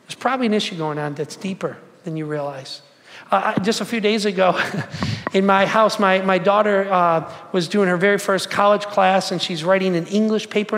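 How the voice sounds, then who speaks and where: High-voiced pastor preaching in a hall. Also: male voice, fairly bright tone. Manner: conversational, storytelling, asks the crowd questions. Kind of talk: sermon.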